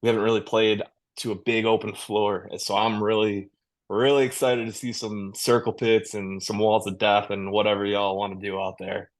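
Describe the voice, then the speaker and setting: Laid-back man, low voice. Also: flat delivery, normal speed. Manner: laid-back, rambling with many restarts and laughs. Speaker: touring metal band musician, guest. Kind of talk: casual interview chat.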